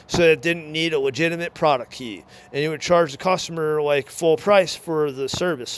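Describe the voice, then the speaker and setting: Rambling, profane ranting man. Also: fairly high pitch. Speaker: former computer repair shop manager. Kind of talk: recorded monologue.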